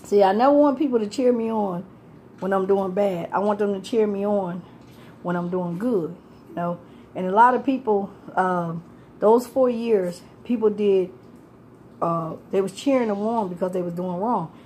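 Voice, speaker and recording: A woman's voice: medium pitch, moderate pace, warm tone, slight background noise. A woman, talking casually about her life on the street, rambling, laughing often and swearing freely. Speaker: homeless person telling her story.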